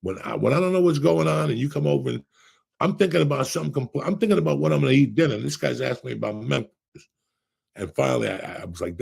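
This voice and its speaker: A man's voice: medium pitch, quick pace, vocal fry, darkish tone, slightly rough. A man in his sixties, a podcast co-host, telling rambling, profane stories in casual chat. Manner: profane, rambling storyteller with bursts of laughter.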